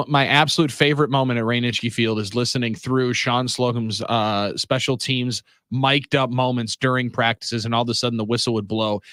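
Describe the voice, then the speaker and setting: A man hosting a sports radio show, talking casually in energetic, rambling bursts at a studio mic. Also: mid-range voice, no room sound. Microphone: studio microphone.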